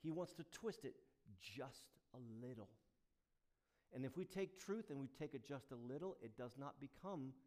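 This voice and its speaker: Emphatic preacher man, high-ish voice. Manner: emphatic, swings between loud stresses and hushed asides. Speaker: pastor. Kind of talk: sermon.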